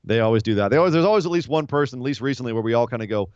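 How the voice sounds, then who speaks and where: Chatty male podcast host, smooth voice. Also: medium pitch, expressive, dry recording, lo-fi sound. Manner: chatty, recaps with quick asides. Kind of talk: casual wrestling podcast chat.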